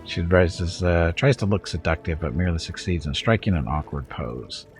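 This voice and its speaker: A man streaming a game, reading its narration aloud at a steady pace with offhand asides. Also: sits low, moderate pace, faint music behind.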